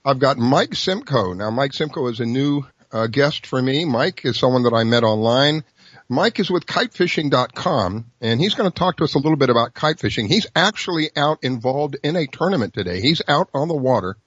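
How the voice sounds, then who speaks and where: A man's voice: medium pitch, lively intonation, a little fast, a bit bright, slightly rough, no room sound. A middle-aged man hosting a fishing radio show in a chatty, folksy way, with lots of fillers and chuckles. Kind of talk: casual radio talk. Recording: dull, lo-fi, dry broadcast sound.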